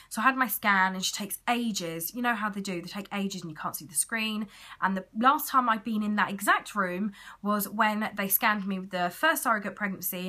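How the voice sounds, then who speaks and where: A British woman in her thirties chats to camera at a quick clip, her voice bright and forward. She tells her story in a casual vlog, slipping into the lines other people said to her. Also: mid-range voice. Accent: British English. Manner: chatty, acts out others' lines in quoted voices. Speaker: vlogger.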